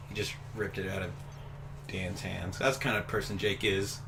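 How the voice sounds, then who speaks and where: A man's voice: on the low side, steady tone, moderate pace, gravelly, pushed and bright, slight background noise. A young man casually telling a rambling, giggly story while his friends play a video game. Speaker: co-host of a gaming channel. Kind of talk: casual storytelling over gameplay.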